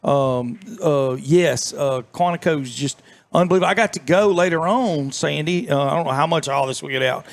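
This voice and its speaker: In a casual interview, a middle-aged guest who used to be an FBI agent spins long, wandering, folksy tales, stumbling over fillers and starting sentences again. He's from the American South, with a voice on the high side and a moderate pace.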